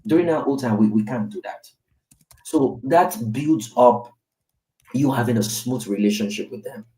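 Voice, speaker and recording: Nigerian man, father, candid storytelling, warm mellow tone, heard from a distance. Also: mid-range voice, moderate pace. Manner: candid storytelling with tag questions. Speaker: father, podcast speaker. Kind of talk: reflective casual podcast talk. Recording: roomy, distant mic.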